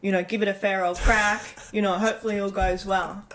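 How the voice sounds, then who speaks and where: A woman's voice: mid-range voice, level tone, a little fast, fairly bright tone, natural voice, rough recording. A woman voicing her plain-spoken father giving blunt advice. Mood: easygoing.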